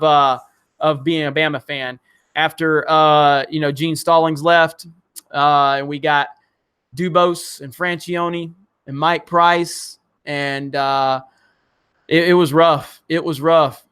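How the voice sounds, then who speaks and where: A man from Alabama hosts a casual live stream, reading out viewer chats with chatty enthusiasm and many fillers. His voice is a little high, smooth and a bit bright, with a steady tone and slow pace.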